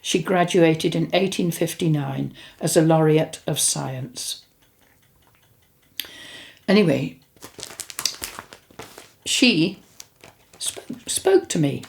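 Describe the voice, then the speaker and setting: An older woman tells stories in a loose, conversational way, stopping to correct herself as she goes. Her voice sits a little low and has a noticeably gravelly, fry-laden edge. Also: lively intonation, takes it slowly, pauses often. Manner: chatty, rambling, with self-corrections. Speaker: host recounting spiritual experiences. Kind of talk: casual storytelling and reading aloud.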